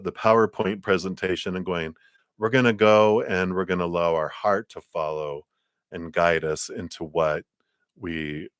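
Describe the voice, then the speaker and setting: A man's voice: low voice, no room sound, clean studio sound. A man doing a live tarot reading stream, talking animatedly, acting out little voices and laughing often. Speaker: tarot reader.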